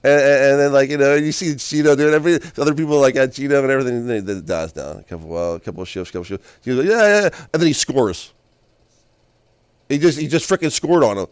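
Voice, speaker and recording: Excitable rambling man, dry close sound. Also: medium pitch, quick pace, clean tone, no room sound. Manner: excitable, repeats and restarts phrases often; calls himself loud, bursts into yells. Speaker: video host. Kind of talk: rambling casual monologue.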